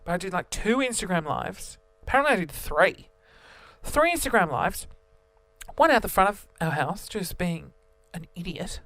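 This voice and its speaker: A young man telling a story to camera as a vlogger, animated and theatrical, jumping between voices. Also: high voice, moderate pace, dry recording.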